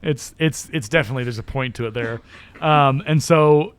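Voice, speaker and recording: A man's voice: medium pitch, noisy background. A man co-hosting a podcast, casually recapping a film's scenes and quoting lines in little acted bits. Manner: recaps scenes, acting out lines in quick quotes. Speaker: podcast co-host. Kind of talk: casual movie discussion. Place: podcast studio.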